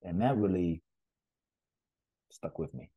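Guest spiritual teacher, male, Ghana-born: deep, husky, earnest and animated in telling. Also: slow pace, no echo, lo-fi sound. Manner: earnest, animated storyteller with restarts. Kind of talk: storytelling in a podcast interview.

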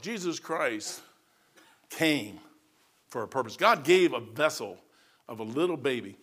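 A middle-aged man preaching a sermon. He moves between loud, shouted passages and soft, low stretches. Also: sing-song, measured pace, pauses often, breathy edge.

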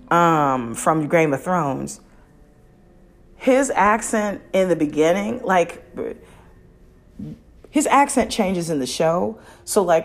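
Low-voiced opinionated woman podcaster. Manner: chatty, opinionated, many restarts and asides. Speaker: podcast host. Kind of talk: casual review chat.

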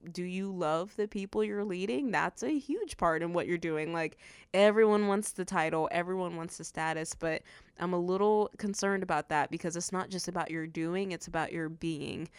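A woman's voice: fairly low pitch, clear, resonant tone, no room sound. A woman hosting a faith-based podcast, talking earnestly and effusively to her listeners with plenty of fillers. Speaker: podcast host.

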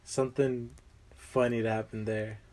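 A man's voice: mid-range voice, little pitch movement, moderate pace, darkish tone. A young man chatting casually as a guest, rambling with lots of fillers and slang. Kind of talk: casual chat.

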